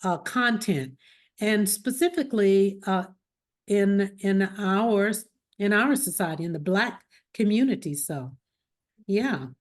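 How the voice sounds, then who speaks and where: A woman's voice: medium pitch, animated, takes it slowly. A woman hosting an interview, agreeing readily and thinking aloud with hesitant restarts. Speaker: interviewer, co-host. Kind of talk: casual interview conversation.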